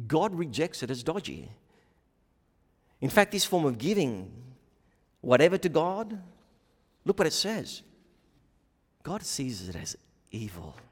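A man preaching a sermon, animated and swinging between loud emphasis and hushed asides, acting out quoted voices. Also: a little high. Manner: animated, acts out quoted voices, rising and falling loudness. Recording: long reverb of a large hall.

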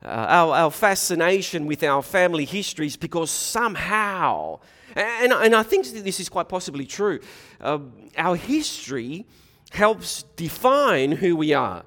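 A man's voice: a little high, big pitch swings, measured pace, a bit bright, big-room sound. A man preaching a sermon, often restarting his phrases. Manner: hesitant, frequent restarts.

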